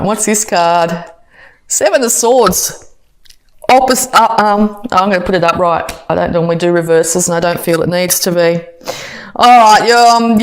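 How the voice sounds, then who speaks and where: A woman giving a casual tarot reading, chatty and full of fillers and restarts. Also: on the low side. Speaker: tarot reader.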